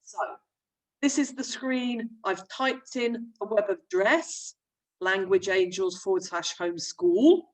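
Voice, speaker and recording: A woman's voice: medium pitch, slow pace, recorded from a distance, rough recording. A young woman, a primary school teacher, chattily explaining a remote lesson while sharing her screen. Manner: friendly, chatty classroom explaining.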